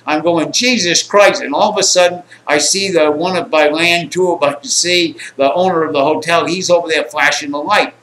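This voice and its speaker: Brief: a coarse, rambling male storyteller with a sharp bright voice, recorded in a roomy space. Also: fairly high pitch, moderate pace, hardly any pauses. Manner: rambling, coarse, animated quotes. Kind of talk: profane anecdotal storytelling. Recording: echoey room, faint ambience.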